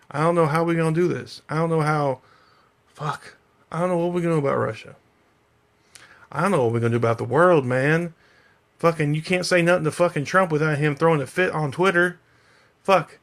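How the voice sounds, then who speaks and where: A man rants on a late-night live stream, a little drunk and swearing constantly. His voice sits a touch high and has a gravelly fry to it. He rambles from one heated point to the next. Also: a bit bright. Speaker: vlogger.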